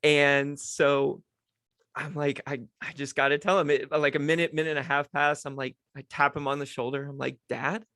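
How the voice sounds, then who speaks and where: Chatty young dad telling a story. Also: male voice, on the high side, little pitch movement, normal speed, bright, forceful tone, smooth, no echo. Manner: rambling, self-deprecating, lots of restarts and "you know". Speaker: podcast host. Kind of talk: casual storytelling monologue. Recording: dry home setup.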